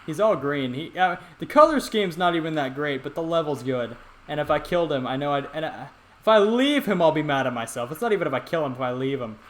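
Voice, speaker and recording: Bright-voiced man chatting through gameplay. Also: a little high, fast talker. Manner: rambling, talks to viewers, frequent restarts. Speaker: gaming channel host. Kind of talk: casual gameplay commentary.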